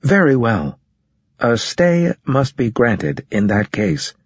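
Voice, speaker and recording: A man's voice: mid-range voice, big pitch swings, takes it slowly, dry recording, heavily acted. A man reading the lines of a haughty alien prefect, in a stiff, formal, indignant way. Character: haughty pompous alien prefect, male-voiced creature. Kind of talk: audiobook character reading. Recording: dull, muffled audio.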